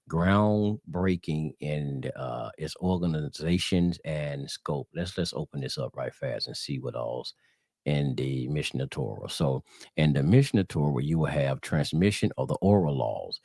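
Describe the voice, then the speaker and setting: A man's voice: extremely low pitch, a little mellow, no echo, studio quality. A man with a Southern US accent giving a casual religious talk, rambling with fillers and restarts and calling his viewers y'all. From Southern United States. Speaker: religious channel host.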